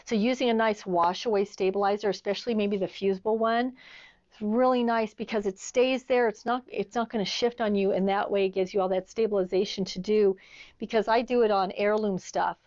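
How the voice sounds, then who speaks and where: A woman's voice: mid-range voice, fairly even intonation, fairly quick, darkish tone, no room sound, muffled recording. A middle-aged woman teaching an online sewing class, chatty, telling stories as she demonstrates. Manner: chatty, storytelling asides. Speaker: sewing instructor.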